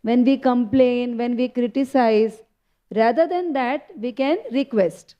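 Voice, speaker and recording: A woman with a fairly high voice gives a devotional talk at a temple festival. She retells a sacred story and keeps checking in with her listeners. The recording sounds dull and lo-fi. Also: measured pace. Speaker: spiritual speaker.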